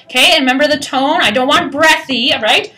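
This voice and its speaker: A woman coaching a single student through a singing lesson, her speaking voice high and very bright. She explains each point, breaks into sung demonstrations, and keeps checking in with a quick "right?". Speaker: voice teacher.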